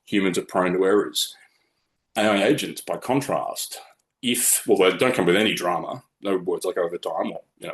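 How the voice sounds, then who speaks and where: A man presenting a webinar from slides in a blunt, opinionated, conversational way. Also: sits low.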